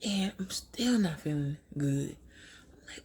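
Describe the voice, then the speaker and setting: There's slight background noise as a young woman vlogger, her voice sitting low and her pace slow, chats through a storytime over her makeup routine. She acts out what people said, making it an animated retelling peppered with quoted asides.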